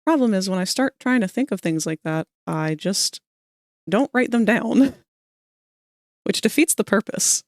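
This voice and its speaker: A streamer chatting casually and quietly while working on a 3D model, musing aloud in a low-key way. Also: expressive, unhurried, no room sound, studio quality.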